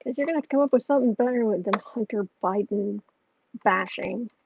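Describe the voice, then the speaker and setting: A woman's voice: medium pitch, a little fast, vocal fry, slight background noise. An American woman hosting an astrology livestream, chatting casually, rambling and reading out viewer questions. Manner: soft cooing baby talk to her cat. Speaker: astrology and tarot livestream host. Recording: muffled lo-fi mic, dry room.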